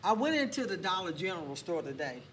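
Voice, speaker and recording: A woman telling a faith story as a guest on a casual talk show, lively and full of church exclamations. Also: on the low side, quick pace. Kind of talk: testimony in a casual chat. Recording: distant mic with faint background noise.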